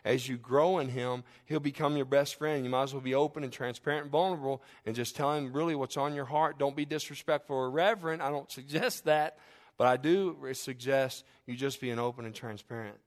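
A middle-aged male pastor preaching a sermon, telling lively family stories and then easing into a soft, hushed close. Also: medium pitch, fairly quick. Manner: animated storytelling that drops to a soft, hushed close.

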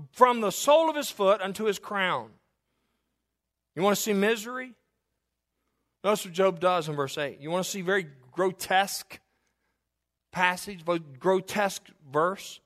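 A middle-aged man preaching a sermon in a folksy storytelling way, rising to loud emphasis and dropping to quiet asides. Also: on the high side. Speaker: pastor.

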